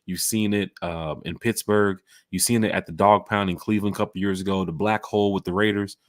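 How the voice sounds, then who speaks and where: A man hosting a fan podcast in casual chat, telling stories with lively acted-out quotes on a home mic and camera. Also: lowish voice, a little fast, no echo, clean studio sound. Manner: animated storyteller acting out quotes. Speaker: podcast host.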